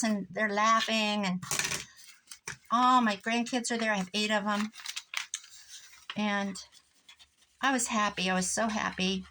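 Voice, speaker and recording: A woman's voice: a little high, slow pace, pauses often, background noise. A woman, chatting through a rambling family story while she works on a craft project at home. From Iowa, USA. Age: 60s. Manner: rambling, animated anecdotes with asides about the craft. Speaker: crafting vlogger. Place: home craft desk indoors.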